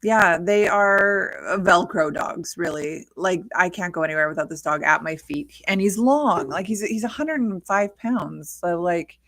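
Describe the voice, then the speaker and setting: A woman co-hosting a podcast from her home office, chatting casually and telling animated stories. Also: fairly low pitch, unhurried, hardly any pauses, no room sound. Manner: chatty, animated storytelling about her dog. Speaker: podcast co-host. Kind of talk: casual chat. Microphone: desk microphone on a video call.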